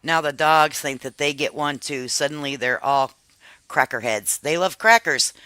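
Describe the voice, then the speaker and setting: Bright-voiced, chatty middle-aged woman streamer. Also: deep voice, moderate pace, no room sound. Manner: chatty, laughs often, swears freely; frank and talkative. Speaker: live stream host. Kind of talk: casual live-stream chat, reading viewer comments.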